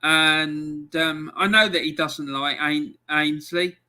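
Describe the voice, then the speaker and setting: A man's voice: a little high, steady tone, slow, sharp tone. A man hosting a live football fan stream, ranting in angry exasperation about his team's loss. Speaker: fan channel host.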